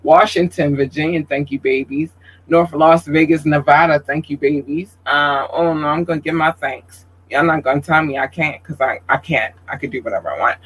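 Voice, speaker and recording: A man hosting his show, giving effusive, playful shout-outs to listeners in a casual, animated way. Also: on the high side, normal speed, breathy edge, rough recording. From Baltimore, Maryland. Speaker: show host.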